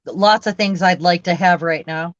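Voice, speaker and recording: A woman's voice: fairly low pitch, normal speed, dry recording. A woman chatting casually and teasing her co-host while she works on a craft project. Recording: dull dry lo-fi sound.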